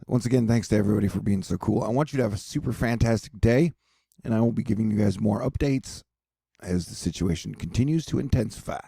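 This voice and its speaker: Weather vlogger, man, gravelly, dark-toned, jokey and rambling, dry close sound. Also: on the low side, quick pace, no room sound. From United States. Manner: joking, rambling, affectionate toward viewers. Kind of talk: casual weather update monologue.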